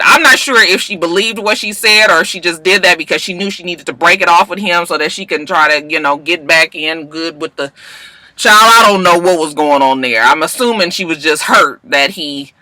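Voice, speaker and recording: Young woman recapping a tv show, super bright voice, dry close mic, salty and animated. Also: deep voice, no room sound, low-quality recording. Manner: animated, profane, slangy storytelling. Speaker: recap vlogger. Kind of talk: casual TV recap with acted-out quotes.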